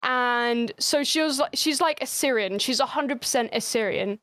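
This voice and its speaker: A young English woman chats as a podcast guest, her fairly high voice rambling along with easy laughs. She sounds close and dry, with no room around her. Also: normal speed, a bit bright, no room sound. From England. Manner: chatty, laughing, loose and rambling. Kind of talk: casual chat.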